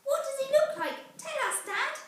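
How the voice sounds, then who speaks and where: A woman voicing a small, brave, curious female Gruffalo child, asking in a high, eager voice. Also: expressive, normal speed, a bit bright. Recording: echoey room, far mic.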